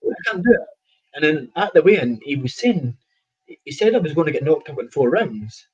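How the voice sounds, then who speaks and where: A man's voice: a little high, very animated, normal speed, darkish tone, slightly rough, dull audio. A man, a professional boxer telling stories in a casual interview, rambling with restarts and laughing at himself.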